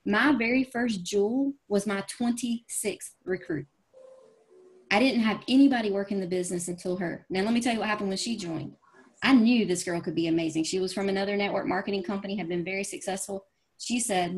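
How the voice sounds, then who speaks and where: A woman's voice: mid-range voice, fairly quick, darkish tone. A woman, giving an emphatic motivational talk on a team call and acting out the voices in her stories. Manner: emphatic storytelling, acts out quoted voices. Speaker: network marketing team leader.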